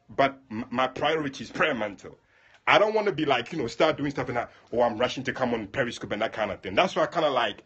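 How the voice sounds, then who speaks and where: Husky guy chatting to viewers on a livestream, voice jumps up and down a lot. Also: mid-range voice, dull audio. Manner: chatty, animated, addresses viewers by name. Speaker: prophet leading a prayer livestream. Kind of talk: casual livestream talk to viewers.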